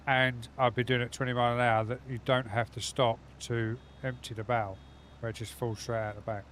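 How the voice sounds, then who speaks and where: A man streams a game from home and talks straight to his viewers in a loose, rambling way. His voice sits at an everyday middle pitch. A faint hum of background noise runs under it. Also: flat delivery, brisk, fairly bright tone. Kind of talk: casual live gaming stream chat.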